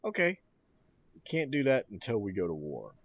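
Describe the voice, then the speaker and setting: A man's voice: lowish voice, huge pitch swings, normal speed, slightly rough, no echo, muffled recording. A man hosting a gaming channel, thinking aloud in casual commentary as he plays a strategy game. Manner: thinking aloud, mumbling and musing. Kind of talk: let's play commentary.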